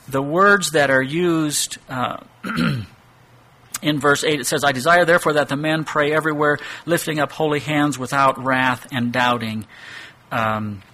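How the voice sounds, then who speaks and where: Man, Bible teacher, slightly high voice, rhetorical questions, restarts, thinking aloud. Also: pushed and bright.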